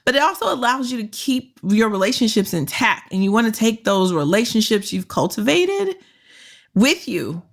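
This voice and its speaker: A career coach hosting her podcast tells a story, giving frank, slangy, profane advice and laughing often. Her voice is a little high, gravelly and very animated, at a moderate pace.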